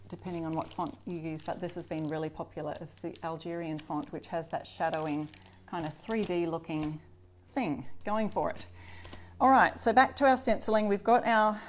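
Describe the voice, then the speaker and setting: A woman's voice: on the low side, a little hiss or hum. Chatty woman hosting a live craft demo. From Australia. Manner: chatty, greets viewers, reads comments. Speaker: upcycling channel host.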